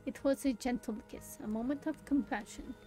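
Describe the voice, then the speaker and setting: A young woman streaming a game reads its story aloud with dramatic flair at a normal speed, her voice mellow and a little high. She stops now and then for amused, giggly asides. The recording is low-quality, with faint background music.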